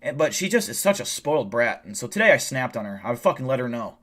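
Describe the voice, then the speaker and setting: A livestream host with a mid-range, fairly bright voice talks fast in a sing-song way. He sounds tired and a bit drunk, chatting casually while rambling, swearing, and restarting often.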